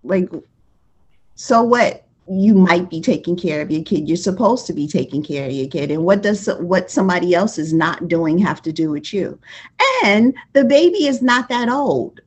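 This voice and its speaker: A woman co-hosting a casual podcast chat, blunt and quick to laugh. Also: on the low side, lively intonation, darkish tone, breathy edge. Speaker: podcast co-host.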